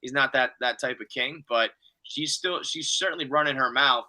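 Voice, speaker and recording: A man in casual podcast chat recapping a show, riffing profanely and jumping into quick impressions. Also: mid-range voice, sharp tone. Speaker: podcast co-host.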